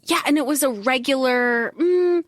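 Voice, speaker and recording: A woman's voice: high voice, moderate pace, no room sound. A woman co-hosting a podcast, chatting casually, swearing and laughing often. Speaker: podcast co-host. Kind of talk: casual chat.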